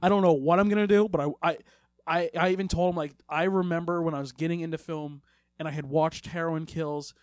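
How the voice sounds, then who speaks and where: High-voiced young man, joking podcast co-host. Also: steady tone, brisk, no echo. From Maryland, USA. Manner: laughs often, profane, joking. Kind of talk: casual chat.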